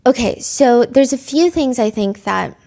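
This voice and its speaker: Female podcast host, bright-pitched, casual storyteller. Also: expressive, a little slow, gravelly. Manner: conversational, reads quoted texts aloud with feeling. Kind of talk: casual storytelling narration of court testimony.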